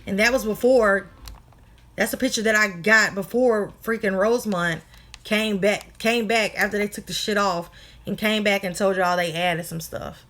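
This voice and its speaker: A woman's voice: medium pitch, steady tone, moderate pace, fairly bright tone. A woman talking casually to her viewers, blunt and irritated, swearing freely as she points things out. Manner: talks straight to viewers as y'all. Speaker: vlogger. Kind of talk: casual commentary to camera.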